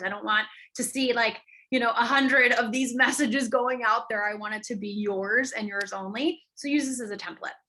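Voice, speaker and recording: A woman online business coach giving a live training, emphatic and energetic, often tagging her points with quick questions. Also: medium pitch.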